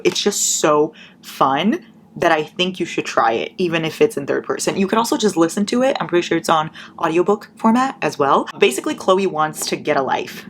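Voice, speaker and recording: A woman's voice: sits low, a little hiss or hum. A young woman in her twenties chatting casually about books, gushing and swearing freely. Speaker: book vlogger. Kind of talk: casual chat.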